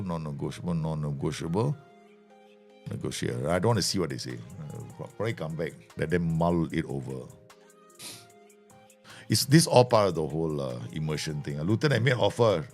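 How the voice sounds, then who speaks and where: A man giving chatty, jokey live commentary as he streams a game. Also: deep voice.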